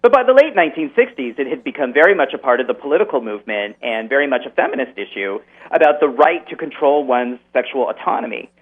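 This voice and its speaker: A man's voice: mid-range voice, very animated, fast talker. Therapist guy calling in, tinny phone sound, bouncy earnest talk. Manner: earnest, explanatory. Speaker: therapist guest. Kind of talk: interview on a phone line.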